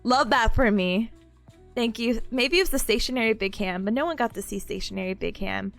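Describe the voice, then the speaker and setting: A woman's voice: a little high, fast, gravelly, soft background music. A young woman streaming casually, playful and giggly, mocking herself as she chats to her viewers. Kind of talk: casual live-stream chat.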